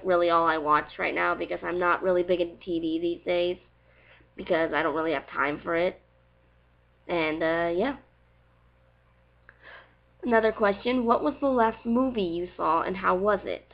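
A woman's voice: fairly low pitch, dull audio. Chatty young woman, light Southern accent. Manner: chatty, rambling, heavy on fillers like "like" and "you know". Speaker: vlogger answering viewer questions. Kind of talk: casual Q&A vlog.

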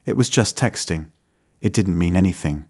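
A man voicing a young wife caught cheating, pleading and desperate, read in his own low voice. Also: animated, normal speed, warm tone.

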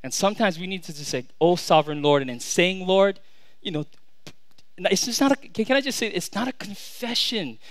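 A man, a pastor with children, preaching a sermon, often restarting words and swinging from loud declarations to quiet asides. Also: sits high, animated, moderate pace, no room sound.

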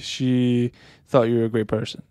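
A man's voice: mid-range voice, level tone, normal speed, dark tone, clear, resonant tone, dry recording, clean studio sound. A young man co-hosting a podcast, talking in a laid-back, rambling, teasing way. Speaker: podcast co-host. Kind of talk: casual chat.

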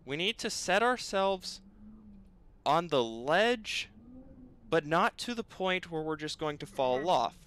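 A man's voice: fairly high pitch, lively intonation, slow pace, fairly bright tone, smooth. A young man commentating his own gameplay, exasperated and bickering aloud with the game and himself. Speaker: gaming video host.

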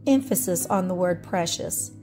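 Over loud music, a middle-aged woman with a lowish voice talks at a normal speed. She's a vlogger showing off her thrift finds, sounding nostalgic and friendly and laughing often.

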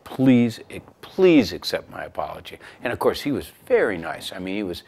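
A man's voice: on the low side, very animated, moderate pace, creaky, darkish tone, breathy edge. A middle-aged man telling a self-mocking story from his youth in an interview. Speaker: composer recalling a story. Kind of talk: interview anecdote.

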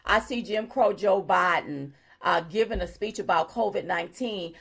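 A woman's voice: medium pitch, moderate pace, creaky, a bit bright, slightly rough. A woman co-hosting a casual livestream chat, talking emphatically and greeting viewers by name. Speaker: co-host.

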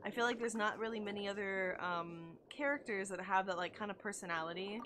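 A woman's voice: medium pitch, brisk, a bit bright, slight background noise. A young woman chatting casually and gushing while she streams a video game, with lots of likes and oh my gods. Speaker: gaming streamer. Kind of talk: casual live-stream chat while playing.

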